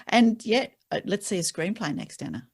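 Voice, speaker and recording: A woman's voice: mid-range voice, very animated, moderate pace, husky. A woman hosting a podcast, chatting casually and encouragingly with her guest. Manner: enthusiastic, encouraging interviewer. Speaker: podcast host. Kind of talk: casual interview chat.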